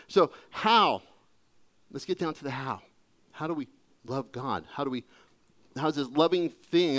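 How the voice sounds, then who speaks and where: A man preaching a sermon in a conversational, humorous storytelling way. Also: fairly high pitch. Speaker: pastor.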